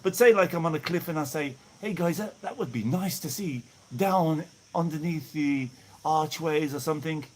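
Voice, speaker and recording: A man's voice: on the high side, moderate pace, a little hiss or hum. A middle-aged man from England with a Birmingham accent, chatting casually on a live stream and thanking viewers by name. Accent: Birmingham English. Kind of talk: casual live chat, reading out viewer messages. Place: outdoors in hot weather.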